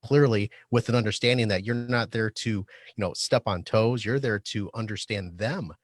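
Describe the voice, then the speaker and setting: A man with a fairly low voice talks thoughtfully on a podcast, pausing over his words. The sound is dry and close. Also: no room sound. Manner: thoughtful, hesitant, with fillers. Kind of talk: casual podcast conversation.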